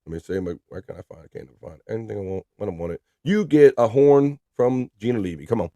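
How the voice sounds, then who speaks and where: A man's voice: fairly low pitch, expressive, quick pace, warm tone, dry recording. A man hosting a live stream, joking casually and reading chat messages aloud. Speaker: livestream host.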